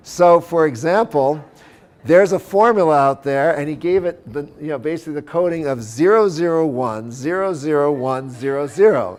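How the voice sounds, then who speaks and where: A man's voice: on the high side, darkish tone. Man giving an explanatory church-music lecture. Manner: explanatory, keeps checking in with "okay?"; sings short chant phrases as examples. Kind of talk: conference lecture. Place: conference center.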